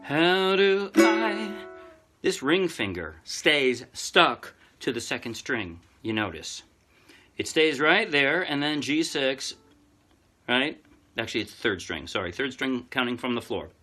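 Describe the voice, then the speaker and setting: A man giving a casual ukulele tutorial, explaining chords and strums step by step in a relaxed, chatty way. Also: mid-range voice, measured pace, faint music behind. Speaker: ukulele teacher. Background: loud ukulele playing.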